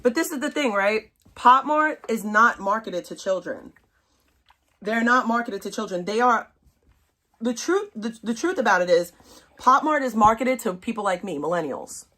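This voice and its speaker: A woman's voice: on the high side, animated, normal speed, sharp tone. A woman, ranting bluntly and profanely to her stream chat. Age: 30s. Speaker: livestream host. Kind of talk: casual rant to stream chat.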